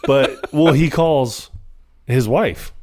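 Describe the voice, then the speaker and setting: A man on a podcast talks through a movie in a relaxed, chatty way. His voice sits at an ordinary middle pitch, and he keeps slipping into quick impressions of the characters and laughing at the jokes. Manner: retells scenes with lively quoted impressions, laughing often. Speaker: podcast co-host. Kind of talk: casual film recap chat.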